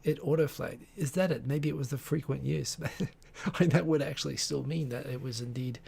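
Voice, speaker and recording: A man's voice: mid-range voice, moderate pace, creaky, darkish tone, slightly rough. A man hosting a live stream, chatting casually in a rambling, digressive way with many restarts. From Tokyo-based.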